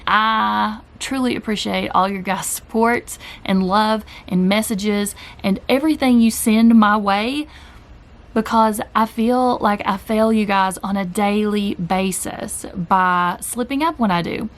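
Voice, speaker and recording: A woman's voice: medium pitch, fairly even intonation, unhurried. A woman in her forties speaks straight to her viewers in a candid home vlog. She is earnest and direct, with a heartfelt, confiding tone and a mid-range voice. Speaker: keto vlogger. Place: home kitchen.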